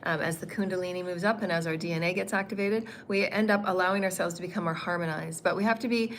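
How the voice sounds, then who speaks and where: A woman with a fairly low voice, giving a livestreamed spiritual teaching. She meanders and repeats herself, filling pauses with ums. A faint hum of noise sits behind her voice. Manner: meandering, repetitive phrasing with frequent ums.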